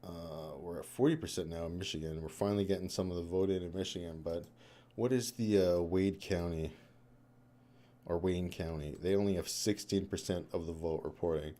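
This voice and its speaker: Young male streamer, low mellow voice, rambling and profane casual chat. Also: a little fast. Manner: rambling, swears a lot, laughs often. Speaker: live streamer. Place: home room.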